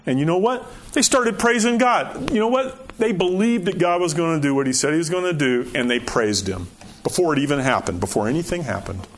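A man's voice: on the high side, lively intonation, brisk, slight background noise. A man preaching in a conversational way, reading scripture aloud and asking the listeners rhetorical questions, often saying "you know". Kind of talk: conversational sermon.

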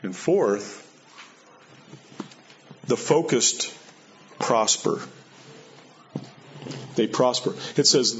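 Male preacher, slightly high voice, earnest and repetitive delivery, dull lo-fi recording. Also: animated, extremely slow, long pauses, slight background noise. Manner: earnest, repeats key phrases, rises and drops in pitch for emphasis. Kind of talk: sermon. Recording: dull lo-fi sound.

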